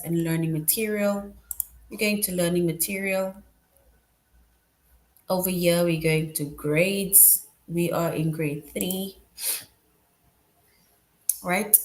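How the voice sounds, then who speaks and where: A woman with a slightly low voice teaches an online class. She talks patiently and explains step by step with examples. She keeps asking "right?" to check that her students follow. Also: darkish tone.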